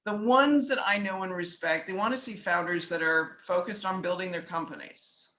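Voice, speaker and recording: A woman's voice: lowish voice, moderate pace, a bit bright, roomy sound, poor audio. A woman speaking as an author and investor guest, telling anecdotes in a casual, chatty way, acting out dialogue and using many filler words. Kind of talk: casual storytelling talk.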